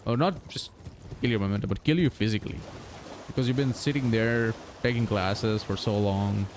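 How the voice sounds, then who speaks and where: A man's voice: fairly low pitch, normal speed. A man in his twenties chatting casually while speedrunning a game, laughing often and swearing freely. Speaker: streamer. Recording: noisy background.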